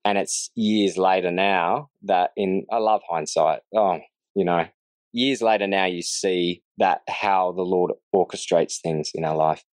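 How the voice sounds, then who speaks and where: A man earnestly telling his faith story in a casual interview, reflective and quick to laugh. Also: deep voice, no echo. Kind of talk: casual testimony in conversation.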